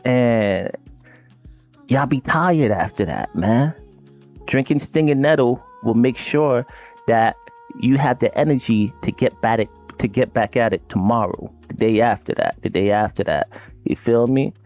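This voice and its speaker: A man's voice: medium pitch, a little slow, darkish tone, highs cut off. Slangy rambling man with faint music. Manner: slangy, loose and rambling, addresses listeners directly. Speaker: podcast host. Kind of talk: casual herbal talk.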